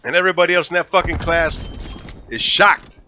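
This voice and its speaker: A young man in his twenties telling a funny, profane story from school in a casual, animated way. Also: fairly high pitch, a little fast, slight background noise. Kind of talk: casual storytime over gameplay.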